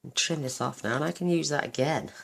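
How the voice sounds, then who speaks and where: A woman hosting a card-making tutorial, chatting enthusiastically while she works, her voice a little croaky. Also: low-pitched, fairly quick, heavy background noise. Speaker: craft channel host.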